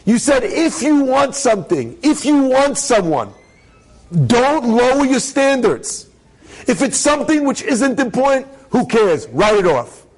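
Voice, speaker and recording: A man's voice: very high voice, very animated, unhurried, voice pushed up, full character voice, low-quality recording. A man voicing an earnest young woman who pours out an emphatic, pleading complaint. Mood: exasperated.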